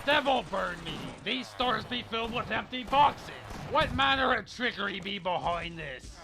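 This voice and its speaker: A man voicing a boastful old pirate captain with a gravelly, growling voice over game commentary. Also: high-pitched, lively intonation, normal speed, very noisy, voice pushed up. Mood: scheming. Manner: theatrical, bellowing with hearty laughs. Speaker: gamer. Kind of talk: let's play commentary. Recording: game gunfire behind voice.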